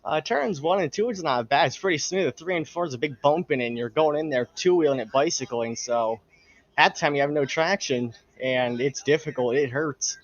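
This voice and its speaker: A man's voice: on the high side, normal speed, highs cut off. A man being interviewed after the race from his room at home, tired and candid about his frustration.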